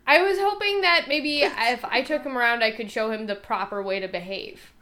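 A woman's voice: fairly high pitch, normal speed, heavy background noise. A woman playing a tabletop game, role-playing her character in a cheeky, theatrical way. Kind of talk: playful in-character role-play.

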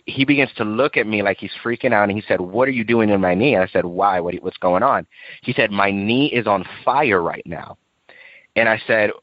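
Young evangelist guy telling his story, acts out the voices, kinda muffled lo-fi recording with no room echo. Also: fairly low pitch. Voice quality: earnest, lively storytelling, acts out quoted dialogue. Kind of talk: personal testimony storytelling. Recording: dull lo-fi dry recording.

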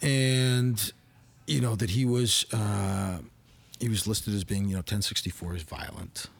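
A middle-aged man tells a story in a casual, meandering way, stacking "you know" fillers between his thoughts. His voice sits fairly low and has a husky, breathy edge. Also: fairly even intonation, unhurried, dry recording. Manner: rambling, filler-heavy, with frequent "you know". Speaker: podcast host and former police officer.

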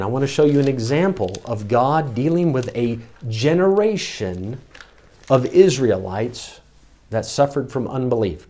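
A man preaching an expository sermon, reading scripture slowly and repeating words for emphasis. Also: medium pitch, warm tone.

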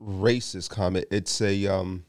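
A man's voice: low-pitched, steady tone, unhurried, darkish tone. An older man co-hosting a podcast, adding dry, wry remarks to the chat. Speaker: podcast co-host. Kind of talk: casual chat.

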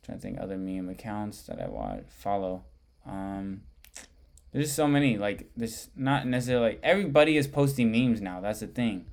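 A man's voice: fairly low pitch, sing-song, normal speed, creaky, darkish tone. A young man hosting a podcast, chatting casually and telling rambling stories, swearing often and saying "like" a lot. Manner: rambling storyteller, swears often, heavy use of "like". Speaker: podcast host. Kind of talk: casual chat.

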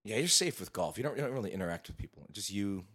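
A man with a lowish voice co-hosts a casual podcast and tells stories with lively energy. He acts out what other people said and keeps the chat loose. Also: fast, breathy edge. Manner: animated storyteller, acts out quotes. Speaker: podcast co-host; sports bar manager.

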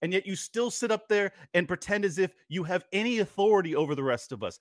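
A man rants furiously into the mic, swearing and mocking with sarcasm. His voice sits a little high for a man and sounds dry and close, with no room around it. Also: expressive, quick pace, few pauses, dry recording. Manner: ranting, profane, sarcastic. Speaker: podcast host. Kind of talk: angry political monologue.

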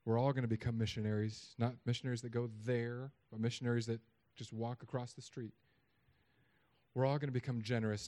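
A man preaching a sermon in a conversational, joking way, swinging between loud emphatic peaks and quiet asides. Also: mid-range voice, level tone, a little fast.

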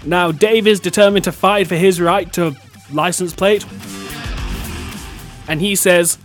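A man's voice: high-pitched, fairly even intonation, unhurried, pauses often, faint music behind. A man hosting a comedy show, telling a story with self-mocking asides. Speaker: host. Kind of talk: comedic storytelling and news segment.

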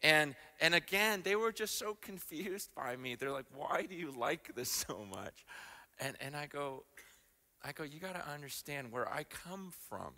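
Animated bright-voiced American man. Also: normal speed. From United States. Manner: animated, voice climbing high and loud when excited. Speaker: guest speaker. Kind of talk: storytelling sermon.

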